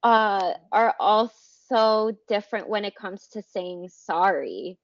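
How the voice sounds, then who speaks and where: A woman's voice: mid-range voice, animated, slow, no echo. A woman psychologist chatting on a podcast. She talks in a reflective, explanatory way and often adds "right?". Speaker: psychologist guest. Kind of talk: casual podcast conversation. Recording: slightly dull lo-fi, dry.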